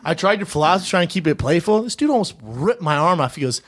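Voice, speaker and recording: A man's voice: on the high side, very animated, fast talker. A man in his thirties telling boastful stories in a casual chat as co-host. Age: 30s. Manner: boastful storytelling, mimics others. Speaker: podcast co-host.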